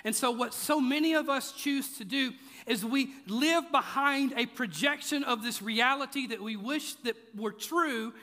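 Bright, high-voiced preacher in an echoey hall. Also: male voice, unhurried. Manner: conversational, joking, emphatic repetition. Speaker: pastor. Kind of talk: sermon. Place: church auditorium.

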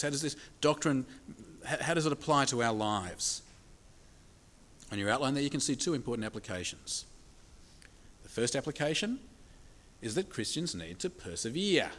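A man preaching a sermon, emphatic, asking the congregation rhetorical questions and slowing down to stress key points. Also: medium pitch, a bit bright. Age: adult with children.

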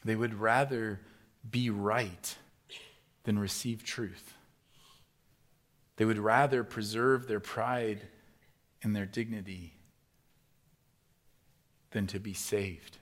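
A man's voice: fairly even intonation, takes it slowly, pauses often. Man preaching a conversational sermon. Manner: builds to loud, rising emphasis, then drops to soft and low; conversational preaching with rhetorical questions. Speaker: pastor.

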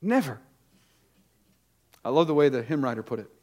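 A man preaching a sermon to his congregation with emphatic, urgent delivery, hitting key words hard and dropping into quick asides. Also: medium pitch, expressive, a little mellow. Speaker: pastor.

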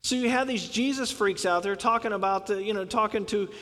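A man preaching a sermon in a conversational, animated way, often asking rhetorical questions and adding filler phrases. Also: high-pitched, brisk, long reverb tail.

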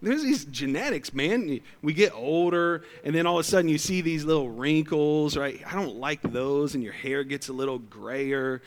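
A middle-aged male pastor preaching a sermon in a conversational, joking way, with sudden loud bursts. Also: on the high side, moderate pace, hardly any pauses.

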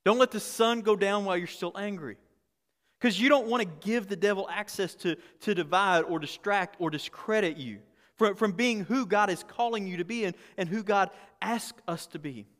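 A pastor preaching a candid, conversational sermon with humor and frequent restarts. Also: male voice, sits high, normal speed, a bit bright, big-room sound.

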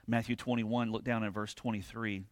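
A man's voice: on the low side, level tone, normal speed, no room sound. A man preaching a sermon as pastor, reading scripture aloud with rising emphasis and checking in with the congregation with a conversational "right?".

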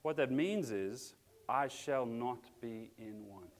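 A man's voice: medium pitch, slow pace. A man preaching a sermon as a pastor, talking in an earnest, conversational way with frequent restarts.

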